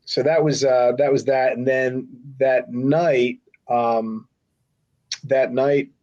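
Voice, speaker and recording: A middle-aged man at a middle pitch tells a long anecdote in a loose, rambling way, slipping into voices for the people he quotes. The recording sounds a little dull and lo-fi. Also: little pitch movement, slow pace, a little mellow. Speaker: podcast guest, former wrestler. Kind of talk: casual storytelling. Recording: slightly dull lo-fi audio.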